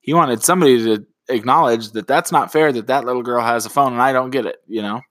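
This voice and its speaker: Relaxed, rambling man chatting dryly. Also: mid-range voice, fast talker, no echo. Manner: relaxed, rambling with many fillers. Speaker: podcast co-host and parent. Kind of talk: casual conversational chat.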